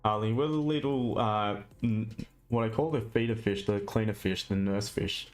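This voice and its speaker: A man's voice: on the low side, moderate pace, soft background music. A man with an Australian accent, chatting casually and bluntly on a live trading stream, ranting with mild swearing.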